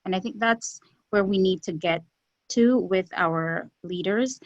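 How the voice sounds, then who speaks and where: A woman who runs a community health center answers interview questions in an earnest, measured way, pausing often with fillers. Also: mid-range voice, no room sound, lo-fi sound. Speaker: executive director of a community health center, guest.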